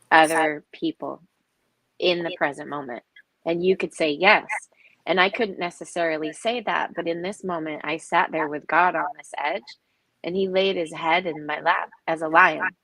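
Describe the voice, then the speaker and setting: A woman in her forties on a video call, telling personal stories in an earnest, reflective way with many pauses. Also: low voice, fairly bright tone, dry recording, low-quality recording. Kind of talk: casual heartfelt group chat.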